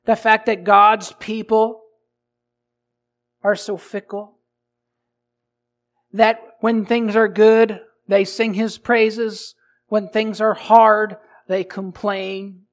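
Male pastor, sermon, high voice, slow delivery, rhetorical questions, loud and quiet swings. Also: little pitch movement. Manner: asks the congregation rhetorical questions; swings between loud emphasis and quiet low lines.

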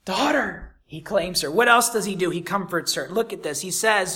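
A preacher delivering a sermon, swinging between raised, emphatic lines and hushed, near-whispered ones, and repeating key phrases for emphasis. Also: medium pitch, normal speed, few pauses.

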